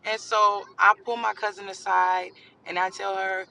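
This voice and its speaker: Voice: mid-range voice, moderate pace, gravelly, slight background noise, poor audio. A young adult telling a casual storytime, acting out each person's lines with lots of energy. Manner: animated, acts out dialogue, rises to near shouts. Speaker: storytime vlogger.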